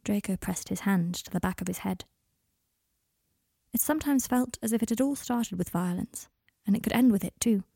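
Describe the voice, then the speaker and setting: A woman narrating a story in a soft, half-whispered delivery. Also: medium pitch, normal speed, gravelly, no echo, studio quality. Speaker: story reader. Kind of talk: audiobook narration.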